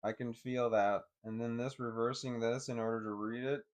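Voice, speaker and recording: Halting, self-correcting man thinking aloud. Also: mid-range voice, fairly even intonation. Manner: halting, repeats words while working out what he sees. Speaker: live streamer. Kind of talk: thinking aloud on a live stream.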